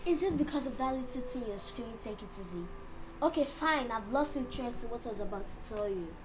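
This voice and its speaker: A woman's voice: sits high, fast, roomy sound, background noise, natural voice. A woman playing a whiny, tattling young daughter. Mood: sulky. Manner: whiny, sulky.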